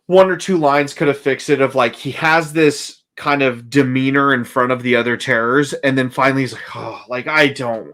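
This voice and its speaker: A relaxed co-host with a mid-pitched, very bright voice. He weighs in easily, with dry humor between the nods. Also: normal speed, few pauses. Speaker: podcast co-host. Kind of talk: casual chat reviewing a show.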